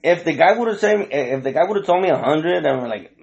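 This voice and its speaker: Animated storytelling man, dull lo-fi sound. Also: fairly high pitch, normal speed, vocal fry. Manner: animated storytelling, acts out dialogue, swears freely, mixes in Spanish phrases. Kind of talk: casual chat. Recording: dull lo-fi audio.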